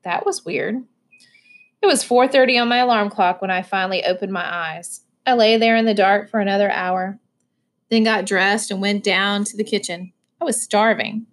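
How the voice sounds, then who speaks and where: A woman's voice: mid-range voice, fairly even intonation, normal speed. Woman reading a novel aloud. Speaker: audiobook reader.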